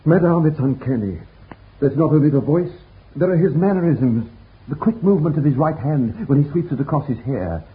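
An actor playing a shrewd, suave Parisian novelist with a polished, probing manner in a vintage radio drama. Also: male voice, fairly high pitch, lively intonation, a little fast, close to an everyday voice. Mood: pressing. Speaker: visiting novelist. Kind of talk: 1940s radio acting. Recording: tinny old radio broadcast.

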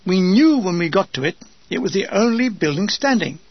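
Older man, dry wry memoir narration, raised pitch, husky rasp, close dead room, dull muffled sound. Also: lively intonation, normal speed, dry recording. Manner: dry comic delivery, mimics comrades in brief put-on voices. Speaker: narrator reading his war memoir. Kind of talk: humorous memoir reading.

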